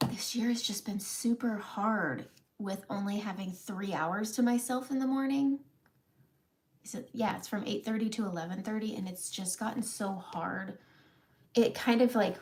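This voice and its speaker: Tearful woman with a gravelly voice. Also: medium pitch, darkish tone. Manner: emotional, tearful, laughing through tears. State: close to crying. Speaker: makeup seller and vlogger. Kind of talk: live makeup vlog, candid talk.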